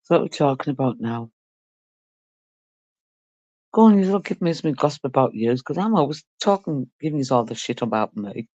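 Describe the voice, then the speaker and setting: A woman's voice: very deep voice, lively intonation, moderate pace, long pauses, mellow, dry recording, muffled recording. A woman talking casually and bluntly to her live-stream viewers, swearing freely.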